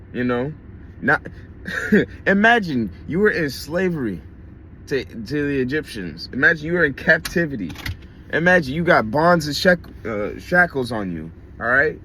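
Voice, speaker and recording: A man delivers a casual sermon in a blunt, street-level way, swearing freely as he drives his points home. His voice sits slightly high, with a faint hiss of noise behind it. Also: big pitch swings, unhurried, bright, forceful tone. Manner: blunt and profane, conversational preaching. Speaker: preacher.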